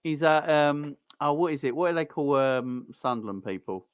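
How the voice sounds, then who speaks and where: A man talking casually through a live football watchalong, rambling and answering his viewers between the action. His voice sits at an ordinary middle pitch. It is picked up dry and close, with no room sound around it. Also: lively intonation, normal speed, clean tone, dry recording. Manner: chatty and rambling, greets viewers and answers chat. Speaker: live-stream host.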